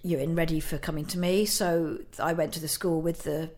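A woman's voice: low-pitched, fairly even intonation, moderate pace, a little mellow. A middle-aged woman, a guest in an interview, telling a personal story in a chatty way, laughing often and using many fillers.

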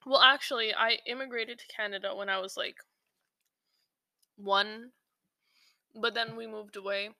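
Young woman rambling on her podcast, lots of likes and restarts, bright voice, dry sound. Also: on the high side, fairly even intonation, unhurried, vocal fry, long pauses, no room sound. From South Asia. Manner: rambling, many fillers and restarts. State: slightly out of breath while eating. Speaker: podcast host. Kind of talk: casual podcast chat.

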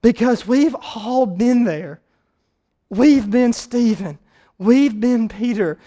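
A man preaching a sermon, retelling a story with dramatic swings between shouting and hushed, quiet passages. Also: very high-pitched, takes it slowly.

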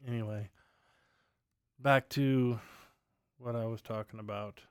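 A man's voice: medium pitch, steady tone, slow, smooth, no echo, clean studio sound. A man hosting his own podcast, chatting casually and rambling through stories with lots of fillers, at home at night. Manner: rambling storytelling with many fillers. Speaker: podcast host. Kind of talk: casual solo chat.

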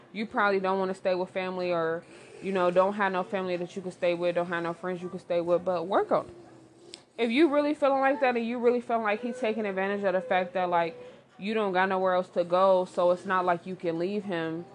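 A woman, giving blunt, animated relationship advice in casual commentary, talking straight to the listener. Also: medium pitch, a little fast, a little hiss or hum.

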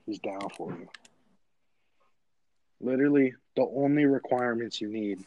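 A man's voice: mid-range voice, normal speed, mellow, lo-fi sound. A young man co-hosting a podcast in casual chat, teasing his friend with crude jokes and frequent laughs. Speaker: podcast co-host.

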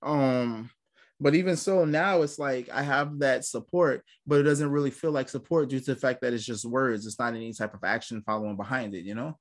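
A man's voice: medium pitch, brisk. A young man hosting a podcast, talking in casual chat with a profane, rambling way of storytelling. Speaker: podcast host.

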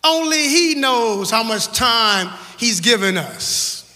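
A man's voice: very high voice, expressive, slow pace, sharp tone, in a large hall. A man in his forties preaching a sermon to his congregation, calling out for responses and repeating key phrases in a rhythmic build. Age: 40s. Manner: call-and-response exhortation with rhythmic repetition. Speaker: pastor. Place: church sanctuary.

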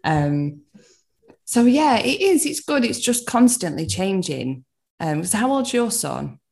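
A woman's voice: mid-range voice, big pitch swings, takes it slowly, gravelly, a little mellow. A British woman in her thirties chatting casually as a podcast guest, laughing often and swearing lightly. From United Kingdom. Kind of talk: casual chat.

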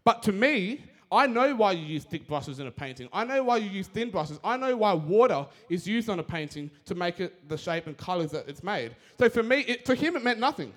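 A young man giving a casual, energetic sermon, talking fast with slang. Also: sits high.

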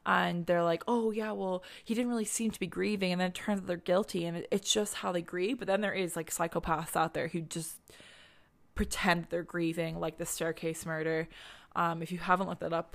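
A woman's voice: lowish voice, vocal fry. A young woman hosting a podcast, telling true-crime stories in a chatty, rambling way, swearing and using lots of fillers. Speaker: podcast host. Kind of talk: casual true-crime storytelling.

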